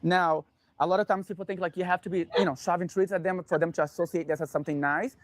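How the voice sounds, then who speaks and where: A man working as a dog trainer, calmly explaining his method and giving short commands to a dog. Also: sits high, fast, dry recording. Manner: calm, instructive, gives short commands to a dog.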